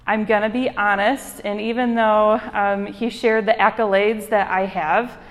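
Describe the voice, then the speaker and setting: A young woman with a Michigan accent gives a casual sermon, dotted with ums and self-deprecating asides. Her voice sits at an ordinary middle pitch. The sound trails off in the long reverb of a large hall. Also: fairly even intonation, a little slow. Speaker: hospital chaplain giving a sermon. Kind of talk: informal sermon.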